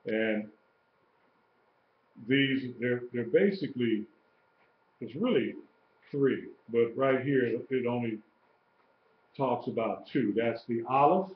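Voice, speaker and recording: A man teaching a live-streamed lesson, explaining slowly and repeating key points. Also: medium pitch, a little hiss or hum. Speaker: Hebrew teacher. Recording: echoey room, dull lo-fi sound.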